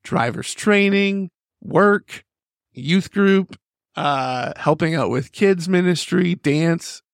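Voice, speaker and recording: A middle-aged man with a fairly high voice co-hosting a casual podcast. He is affirming and encouraging, often chiming in with agreement before adding his own view. The recording is dry and close. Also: slow pace, vocal fry, no room sound. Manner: affirming, encouraging listener who chimes in. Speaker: podcast co-host. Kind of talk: casual conversational podcast chat.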